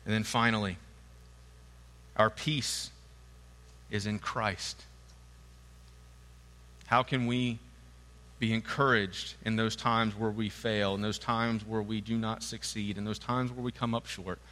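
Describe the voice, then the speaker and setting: A man's voice: lowish voice, little pitch movement, slow pace, pauses often, bright, forceful tone. A man preaching a sermon in an earnest, emphatic and conversational way. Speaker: pastor. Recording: long hall reverb.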